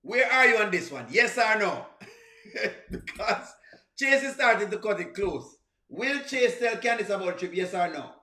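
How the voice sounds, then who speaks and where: Jamaican man, high bright voice, laughing reaction host, roomy echo. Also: animated, moderate pace. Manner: laughs often, repeats phrases, drops into patois. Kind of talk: casual chat with live viewers.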